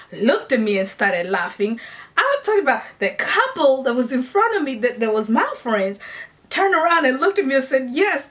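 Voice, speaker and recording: A young woman from Africa tells a story to her vlog audience in a chatty, animated way. Her voice sits a little high, and she squeals and gasps as she acts out her own reactions. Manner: addresses viewers as y'all. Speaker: vlogger. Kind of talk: casual storytelling.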